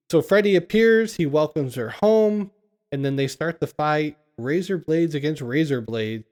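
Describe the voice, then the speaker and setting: Higher-voiced man recapping a film. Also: a little mellow. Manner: laughs often while retelling scenes. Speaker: podcast co-host. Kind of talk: casual scene-by-scene film recap.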